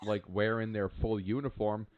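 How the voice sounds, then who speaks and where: A man's voice: on the low side, normal speed, a little hiss or hum. A man telling stories in a casual podcast chat, swearing freely and acting out what people said. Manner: profane, animated storytelling with acted quotes. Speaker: podcast co-host. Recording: phone-like narrow sound.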